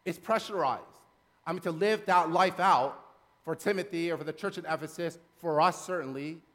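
Male pastor, higher-pitched voice, earnest sermon delivery with repetition, big reverberant sanctuary. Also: moderate pace, fairly bright tone. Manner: earnest, building emphasis with repeated phrases. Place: church sanctuary.

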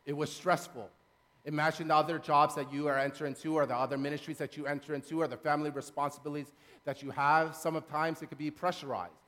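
A pastor preaching in a church, his fairly high voice carried on a long hall reverb. He is earnest and builds his points by repeating phrases, rising as he presses them home. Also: little pitch movement, quick pace, fairly bright tone. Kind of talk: sermon. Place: church sanctuary.

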